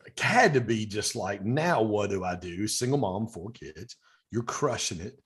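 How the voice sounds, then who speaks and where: A man's voice: on the low side, expressive, measured pace, fairly bright tone, breathy edge. A man hosting a podcast interview, summing up his guest's story and asking follow-up questions. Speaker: podcast host.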